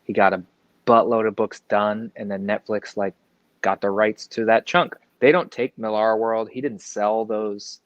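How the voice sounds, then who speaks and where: A man's voice: lowish voice, steady tone, measured pace, dry recording. A man appearing as a guest in a casual interview, rambling conversationally with lots of fillers and asides. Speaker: guest comic book creator. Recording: dull, dry lo-fi sound.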